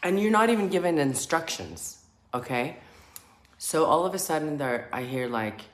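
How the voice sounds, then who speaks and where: A woman, a spiritual healer, telling a personal story in a casual, animated way, acting out screams and chants between many fillers. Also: low-pitched, normal speed. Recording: roomy echo.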